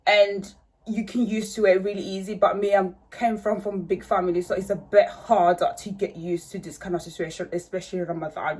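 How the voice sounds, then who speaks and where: A woman's voice: on the low side, darkish tone, husky. A woman talking casually to camera in a vlog, rambling and chatty with many fillers, recorded on a handheld phone at home. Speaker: vlogger.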